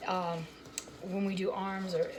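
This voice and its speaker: A woman talks on and on in a loose, storytelling way, full of restarts and fillers. She is cooking in her home kitchen, and clattering pots and dishes come through clearly behind her voice. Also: medium pitch, flat delivery, takes it slowly, background noise. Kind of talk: rambling casual chat while cooking.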